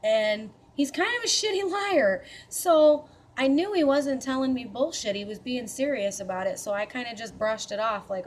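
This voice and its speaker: A woman's voice: fairly high pitch, normal speed, hardly any pauses, slight background noise. A woman casually recounting a spooky personal experience, chatty and profane, with a matter-of-fact, mildly skeptical tone. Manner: chatty and profane, with many fillers and asides. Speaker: storyteller recounting a paranormal experience. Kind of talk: casual spoken storytelling.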